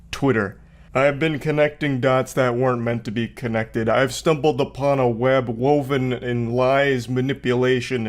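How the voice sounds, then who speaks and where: A man hosts comedic commentary on a video. He riffs sarcastically in a mid-pitched voice and swears freely. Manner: sarcastic, profane riffing. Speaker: commentary host.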